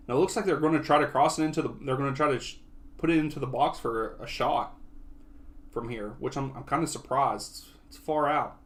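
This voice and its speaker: A young man hosting a soccer watch-along, giving casual live play-by-play that often turns excitable. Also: medium pitch. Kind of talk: live match commentary.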